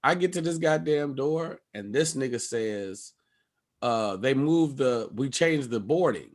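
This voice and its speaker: A male stand-up comedian telling a profane story on a podcast, acting out everyone's lines with sudden leaps in pitch and volume. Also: expressive, unhurried. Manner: profane, acts out people's lines with big jumps in pitch and loudness.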